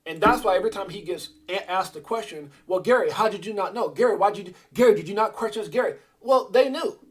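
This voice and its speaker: A man hosting a crypto livestream, ranting casually and animatedly, drifting off on tangents and answering his chat. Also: sits high. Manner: animated, digressive, talks back to the chat.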